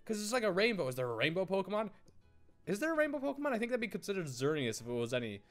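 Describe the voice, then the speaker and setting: Lively, giggly let's-play host. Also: male voice, high voice, racing, faint music behind. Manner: giggly, rambling, easily sidetracked. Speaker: gaming channel host.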